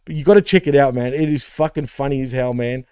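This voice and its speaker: Mellow-voiced man in casual podcast chat. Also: medium pitch, fast talker, smooth, dry recording, clean studio sound. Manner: laid-back, swears freely, laughs often. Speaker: podcast co-host.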